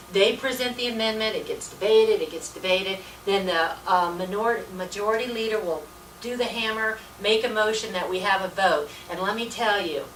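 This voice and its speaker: A woman's voice: mid-range voice, a bit bright. Emphatic folksy woman in echoey room. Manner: emphatic, folksy, repetitive "let me tell you". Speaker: volunteer speaker at a political meeting. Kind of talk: informal political presentation. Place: meeting room. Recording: echoey room, distant mic, faint hiss.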